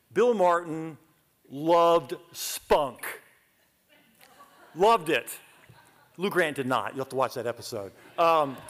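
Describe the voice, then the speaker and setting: Middle-aged man, slightly high voice, thankful honoree telling stories with humor. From Athens, Georgia, US. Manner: warm, humorous storytelling with lively asides. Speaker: award honoree giving a speech. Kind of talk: acceptance speech.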